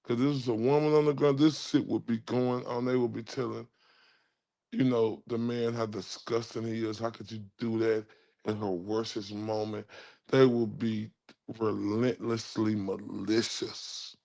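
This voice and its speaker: Slow, gravelly man drawling sarcastically. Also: on the low side, flat delivery, warm tone. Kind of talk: casual chat.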